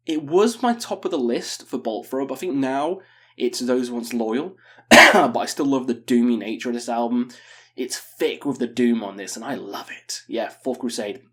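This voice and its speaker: A man in his thirties chatting casually as a metal music video host, cursing and joking with enthusiasm. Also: mid-range voice. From England. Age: 30s. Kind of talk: casual album-review chat.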